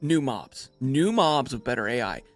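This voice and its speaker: A man putting on a flustered male game developer who speaks in a hushed, fretful way and keeps repeating himself. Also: medium pitch, big pitch swings, normal speed, soft background music, close to an everyday voice.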